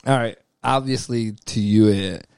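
Gravelly, blunt podcast co-host. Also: male voice, on the low side, fairly even intonation, measured pace, darkish tone, no echo, studio quality. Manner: blunt, profane, teasing. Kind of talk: casual podcast chat.

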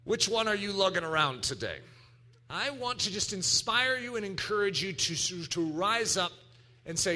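A man preaching a sermon, animated, acting out voices and breaking into sudden shouts. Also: high voice, a little fast. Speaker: pastor.

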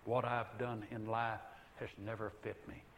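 An older man preaching a sermon in an earnest way, rising to loud emphatic peaks and then dropping to hushed, low passages. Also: little pitch movement, a little slow, a little hiss or hum, low-quality recording.

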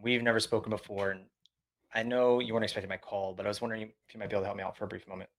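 A man demonstrating a cold call in a calm, humble, inviting manner. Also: fairly low pitch, very fast. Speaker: sales rep. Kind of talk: role-play sales call.

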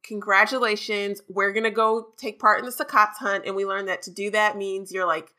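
A woman co-hosting a podcast, recapping a book in casual chat with animated, gushing enthusiasm. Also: mid-range voice, normal speed. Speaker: podcast co-host.

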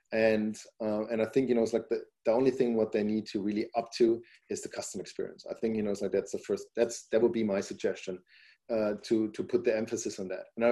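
A man's voice: fairly low pitch, dark tone. A man guesting on a podcast, answering at length in casual talk, filling his sentences with "you know, it's like" and growing emphatic on his points. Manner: rambling, repeats "you know, it's like" often; grows emphatic when making a point. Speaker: podcast guest, company founder.

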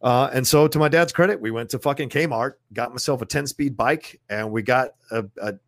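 A man's voice: medium pitch, moderate pace, no room sound. Blunt, profane man telling a story. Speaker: podcast guest. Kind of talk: casual storytelling in conversation. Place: indoor podcast studio.

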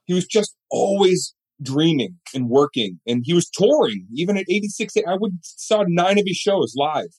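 With a high, slightly rough voice, this middle-aged guest speaks at a moderate pace and barely pauses. In a storytelling interview, he recounts events animatedly and voices the other people involved.

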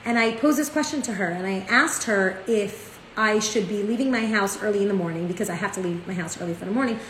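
A woman's voice: mid-range voice, fast talker. Chatty New woman teaching in an echoey room. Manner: chatty, animated storytelling with many "like" and "right?". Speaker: Torah class teacher. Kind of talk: casual spoken lesson. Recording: echoey room with faint ambient noise.

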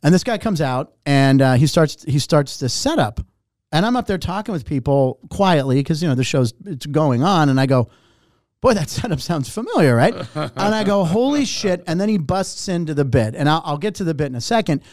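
A middle-aged man, a warm-up comedian, telling a story in casual chat, animated and profane, acting out what people said. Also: fairly high pitch, brisk, dry recording, studio quality. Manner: animated, profane, acts out quotes.

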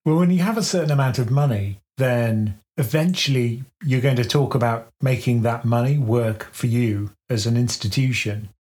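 A man talks through finance topics at a steady, mid-range pitch. His delivery is measured and explanatory, leaning on plain analogies to make a point in a relaxed podcast chat.

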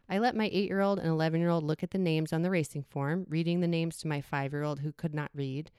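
Woman in her 40s, low smooth voice, reflective reading, dry close sound. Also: no room sound. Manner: reflective, measured reading with brief acted quotes. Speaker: storyteller. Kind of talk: personal essay read aloud.

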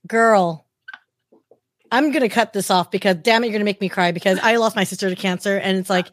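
A woman's voice: mid-range voice, fairly quick, no room sound. Chatty woman host, dry sound. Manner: emotional, encouraging and chatty. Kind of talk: live-streamed interview.

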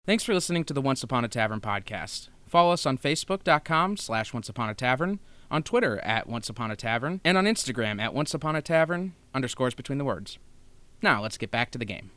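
A man's voice: medium pitch, animated, fast talker, a bit bright, no room sound. A man hosting a tabletop game podcast as game master, narrating loosely and casually. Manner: loose, conversational narration with fillers.

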